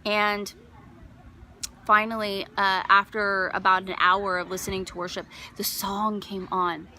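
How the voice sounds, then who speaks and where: A woman's voice: medium pitch, little pitch movement, unhurried, bright, forceful tone. A bereaved mother giving a personal faith testimony, earnest and emotional, rising to fervent conviction.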